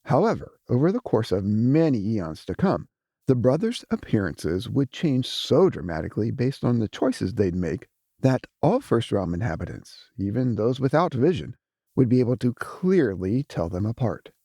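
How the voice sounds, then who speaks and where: A man reads a fantasy audiobook with measured, expressive storytelling. His voice is mellow and slightly husky, and its pitch rises and falls a great deal. The recording is dry and close. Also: dry recording. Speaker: audiobook narrator. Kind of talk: scripted audiobook narration.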